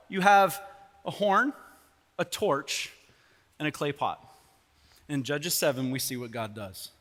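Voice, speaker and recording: A man's voice: a little high, big pitch swings, slow pace, long pauses, a bit bright. A man preaching a sermon as pastor, telling the story with sarcastic humor in a church. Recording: long church hall reverb.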